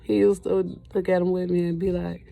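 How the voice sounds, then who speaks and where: A middle-aged woman talking to camera in a halting, emotional way, often pausing with "you know", as she speaks about her loss. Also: on the low side, level tone, creaky, dark tone, no echo. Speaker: trucking vlogger and grieving mother. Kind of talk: personal testimony to camera.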